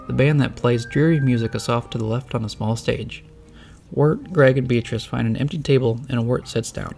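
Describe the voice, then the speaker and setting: Gravelly male storybook narrator. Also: medium pitch, moderate pace, soft background music. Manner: steady, descriptive reading.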